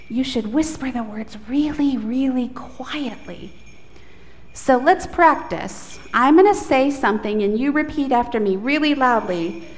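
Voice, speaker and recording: A woman pastor leading a prayer, then telling a story to children in an animated, coaxing way. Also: high voice, measured pace. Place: church sanctuary. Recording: echoey church hall, faint noise.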